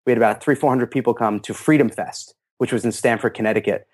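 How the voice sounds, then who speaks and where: Middle-aged guy chatting in an interview, lively storyteller, does voices for quotes. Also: mid-range voice, fast. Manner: animated storyteller, acts out quotes in a raised voice. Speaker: interview guest, fitness marketer. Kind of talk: casual interview talk.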